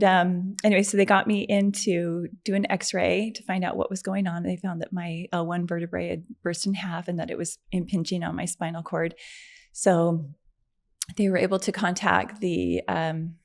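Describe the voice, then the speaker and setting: A middle-aged woman, a podcast guest, telling a personal story in a chatty, animated way, with many fillers and frequent laughs. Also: fairly low pitch, normal speed. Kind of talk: conversational storytelling.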